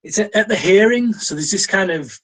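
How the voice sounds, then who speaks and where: A man's voice: sits high, expressive, fairly quick, fairly bright tone, rough recording. A British man hosting a casual film review chat, opinionated and full of ums and restarts. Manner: opinionated, frequent fillers and restarts.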